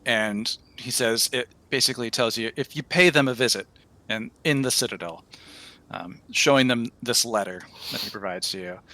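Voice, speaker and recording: Bright-voiced man running a tabletop game. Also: medium pitch. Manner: halting, many fillers. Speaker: game master.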